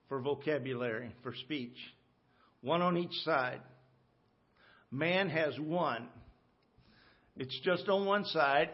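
A man preaching a sermon from the pulpit in a folksy, joking way, often checking in with the congregation. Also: a little high. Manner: folksy, joking, talks to the congregation with frequent "okay?". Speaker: pastor. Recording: muffled church audio recording.

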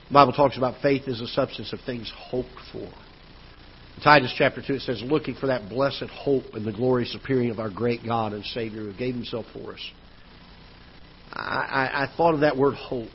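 A pastor preaching a sermon in a church auditorium, telling a personal story in a relaxed, conversational way. His voice sits at a middling pitch for a man. The live broadcast sound is a little dull, with a faint hum of the room behind him. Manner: storytelling, conversational, with repeated restarts.

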